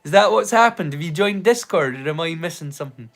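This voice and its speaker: A man's voice: a little high, expressive, fast talker, creaky, a bit bright. A Scottish man hosting a live watch-along stream. He chats casually, rambling, swearing and poking fun at himself. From Scotland. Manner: rambling, sweary, self-mocking.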